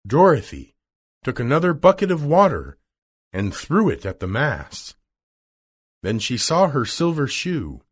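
Slow, expressive male storyteller. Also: mid-range voice, husky. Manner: slow, expressive read-aloud delivery. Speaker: narrator. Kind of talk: storybook reading.

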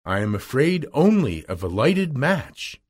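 A friendly scarecrow stuffed with straw, gentle and a little plaintive, played by a male storyteller. The voice is lifted above his usual pitch and leaps about widely. It stays husky and unhurried throughout. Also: sing-song. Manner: slow storybook reading, bouncy pitch. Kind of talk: storybook reading.

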